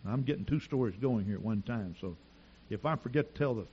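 A middle-aged man preaching a sermon, telling stories in an animated, repetitive way with frequent restarts. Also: mid-range voice, fast, dull audio, slight background noise. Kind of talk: sermon with storytelling.

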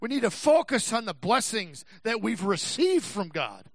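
A male pastor preaching a sermon, swinging from shouted passages to quiet, slow, emphatic stretches. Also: high-pitched, very animated, dry recording. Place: church.

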